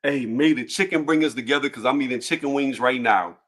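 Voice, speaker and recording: A man hosting a casual boxing livestream panel, joking loudly and cursing, with frequent laughs and trash talk. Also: mid-range voice, brisk.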